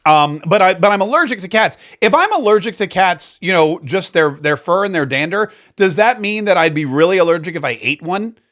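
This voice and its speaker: Man with a slightly high, rambling host voice. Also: brisk, few pauses. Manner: rambling, sarcastic, animated. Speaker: political commentary host. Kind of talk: casual political commentary.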